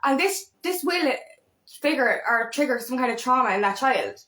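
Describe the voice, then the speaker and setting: Woman, 30s, high voice, rambling and sweary coach, echoey room. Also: moderate pace. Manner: rambling, animated, frequent swearing. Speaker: feminine empowerment coach. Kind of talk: casual monologue.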